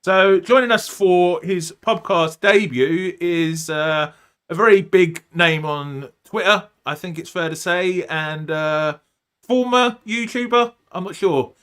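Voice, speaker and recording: Chatty guy hosting a live podcast, bright crisp voice, lots of uhs. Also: high voice, takes it slowly. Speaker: podcast host. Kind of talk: casual podcast chat.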